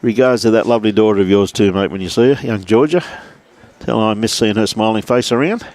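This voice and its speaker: Chatty Australian lawn bowls commentator. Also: male voice, fairly low pitch, quick pace, a little mellow. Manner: chatty, matey, greets viewers by name. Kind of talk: live sports commentary with viewer shout-outs. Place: indoors behind a glass window beside the green.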